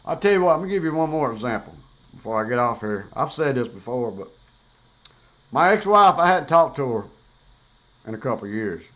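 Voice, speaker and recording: A man's voice: mid-range voice, big pitch swings, brisk, long pauses, fairly bright tone, low-quality recording. An older man, talking bluntly and profanely in a rambling, casual monologue as a show host. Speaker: podcast host.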